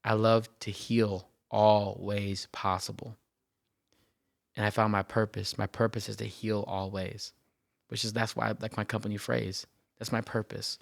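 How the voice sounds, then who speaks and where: A man's voice: on the low side, level tone, measured pace, gravelly, no room sound, studio quality. A man, a therapist hosting a podcast, telling his own story in an earnest, reflective way, often repeating phrases and checking in with "right?". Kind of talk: personal reflective podcast monologue.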